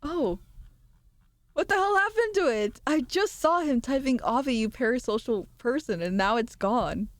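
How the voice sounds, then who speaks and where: Woman streamer, young adult, higher voice with lots of swing, dry close sound, teasing banter with chat. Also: sing-song, unhurried, no room sound. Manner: banters with chat, reads messages aloud, laughs often, swears. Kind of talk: casual live-stream chat with viewers.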